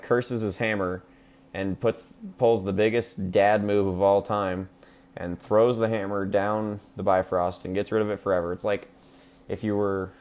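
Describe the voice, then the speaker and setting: A man with a very low voice recaps a film on his podcast. He rambles loosely, peppering his talk with ums and likes and swearing for laughs. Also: a little mellow. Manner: rambling, crude and joking, with frequent fillers. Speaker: podcast host. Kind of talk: casual movie recap.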